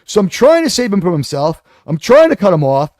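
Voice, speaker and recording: A male stream host with a high-pitched voice and a sarcastic, mocking way of telling stories. The sound is close and dry, with no room echo. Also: very animated, brisk, darkish tone. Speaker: livestream host. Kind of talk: live stream rant.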